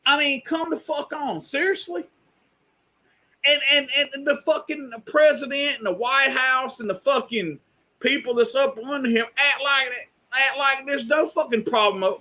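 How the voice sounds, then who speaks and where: A man's voice: extremely high pitch, unhurried, bright, forceful tone. A man on a live stream delivering an angry, profane, exasperated rant.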